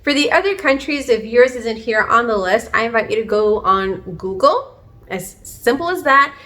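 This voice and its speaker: A woman's voice: fairly high pitch, animated, normal speed, bright, forceful tone. A woman from Puerto Rico giving a casual video lesson, chatty and encouraging as she explains at a whiteboard. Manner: chatty and encouraging, self-deprecating. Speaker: online language learner teaching viewers. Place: indoors at a whiteboard. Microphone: camera framing her at the board.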